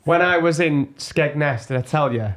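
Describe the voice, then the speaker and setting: A man co-hosting a podcast, telling stories in a chatty, animated way. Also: a little high, normal speed. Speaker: podcast co-host. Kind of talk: casual chat.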